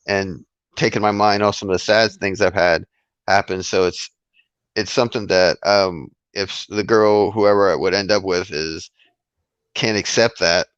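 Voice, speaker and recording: A man who is a guest on a casual podcast, speaking earnestly and a little haltingly. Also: lowish voice, clean tone, dry recording. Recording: dull lo-fi dry recording.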